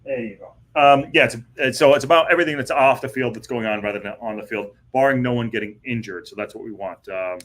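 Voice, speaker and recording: A man's voice: medium pitch, quick pace, few pauses, a bit bright. A man hosting a live football podcast, chatting casually and rambling with lots of fillers and restarts. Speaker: podcast host. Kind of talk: casual live-stream chat.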